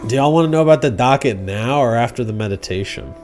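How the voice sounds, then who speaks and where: A man hosting a casual livestream, rambling and joking, acting out quoted shouts. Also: medium pitch, animated, quick pace, soft background music. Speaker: livestream host.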